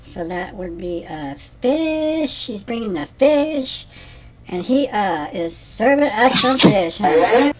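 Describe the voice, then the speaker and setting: A man's voice: high-pitched, sing-song, slow pace, exaggerated voice. A man playing a ditzy, self-absorbed middle-aged woman who rambles and giggles through a scripted comedy lesson, with faint music behind. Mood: airy rambling. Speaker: comedy character host. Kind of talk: scripted character comedy monologue.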